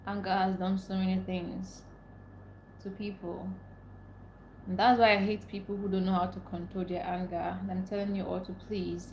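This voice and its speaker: A woman's voice: medium pitch, darkish tone, roomy sound, a little hiss or hum, low-quality recording. A young woman from Nigeria hosting a casual livestream, reading viewers' comments aloud and greeting them by name. She speaks emotionally, ranting about how upset she is. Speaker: livestream host. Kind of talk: casual live-stream chat, reading comments.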